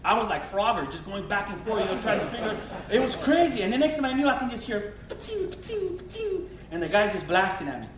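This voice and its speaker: A middle-aged man, a pastor from Los Angeles telling his testimony in an animated way, full of slang and acted-out quotes. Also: sits high, quick pace, hardly any pauses, crowd noise. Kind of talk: testimony sermon. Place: church. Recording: echoey church hall from far off.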